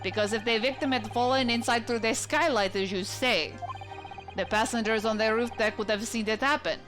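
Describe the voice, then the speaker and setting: A woman's voice: on the high side, moderate pace, lightly acted. A woman voicing a scornful, haughty male prosecutor in a courtroom video game. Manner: sneering, haughty. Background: game music.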